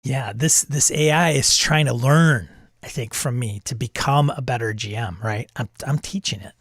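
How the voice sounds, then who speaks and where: A man's voice: mid-range voice, normal speed, a bit bright, slightly rough, no echo, studio quality. A man casually commenting as he runs a role-playing game with an AI storyteller, thinking aloud and chuckling at it.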